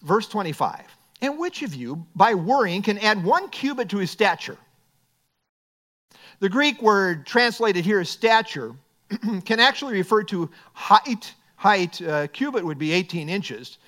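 A man preaching a sermon, quoting scripture and dropping into quiet, joking asides. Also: high-pitched, unhurried. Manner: expressive, swings between emphatic and quiet asides; quotes scripture, light humor. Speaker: pastor.

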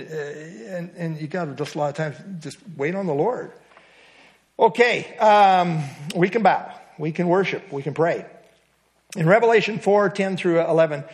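A middle-aged man leads a small church Bible lesson in a relaxed, folksy way. His voice sits a little high for a man. He teases his class, trips over his words, and fills the pauses with small asides. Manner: folksy, teasing, with filler and restarts. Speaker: discipleship class teacher.

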